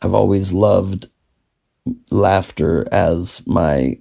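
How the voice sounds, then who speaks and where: A man's voice: low voice, drawn-out words, creaky, warm tone. A young man hosting a casual podcast, rambling and joking, sometimes breaking into song. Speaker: podcast host.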